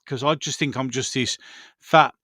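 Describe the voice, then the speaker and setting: A man's voice: mid-range voice, fairly even intonation, moderate pace, pushed and bright, no room sound, clean studio sound. A man in his fifties with a Brummie accent, hosting a frank, rambling casual chat with his viewers. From Birmingham, England. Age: 50s. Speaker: channel host. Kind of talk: casual live-stream chat.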